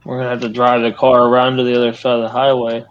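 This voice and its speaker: A man playing a survival game with a friend, calmly talking through driving and looting. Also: mid-range voice, fast, dull audio. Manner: easygoing, directs the action. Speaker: gaming teammate. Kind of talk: casual gaming chat.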